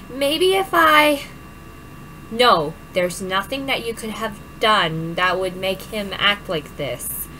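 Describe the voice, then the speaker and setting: A woman puts on a protective teenage best friend in a story game, outspoken and indignant. Her voice is high and lively, with an unhurried pace. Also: slight background noise, full character voice, poor audio.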